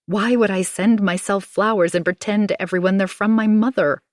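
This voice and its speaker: A woman reader voicing a frantic young woman who pleads her innocence in a raised, high voice. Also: steady tone, moderate pace, no room sound, clean studio sound, lightly acted. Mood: frantic pleading.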